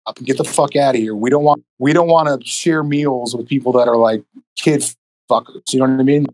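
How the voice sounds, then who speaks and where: A man telling stories casually on a podcast as a guest, animated and profane, acting out the people in his stories. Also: mid-range voice, fairly quick. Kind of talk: casual storytelling.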